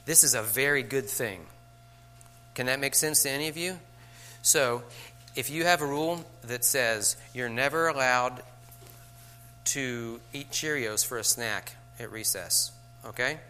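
Man, teacher trainer, bright forceful voice, chatty lecture, frequent okay check-ins, acts out classroom scenes. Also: medium pitch, a little slow, a little hiss or hum.

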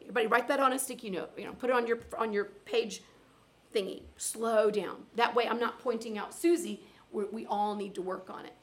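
A woman's voice: a little high, fairly even intonation, brisk. A woman teacher giving chatty, practical tips on teaching reading. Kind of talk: teacher-training talk. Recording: echoey room.

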